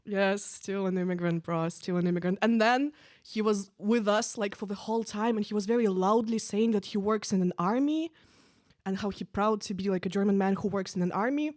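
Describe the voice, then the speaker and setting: A woman's voice: medium pitch, a little fast, a little mellow, no room sound, clean studio sound. A young adult woman performing a stand-up comedy set on stage, casual and chatty with lots of fillers. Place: stage at a live event.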